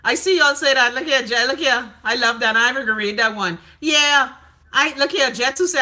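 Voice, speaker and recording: A brash, gossipy woman hosts a live stream and reads out viewer comments in a casual, profane chat. Her voice sits fairly high and sounds bright and sharp, and it jumps up dramatically when she reacts.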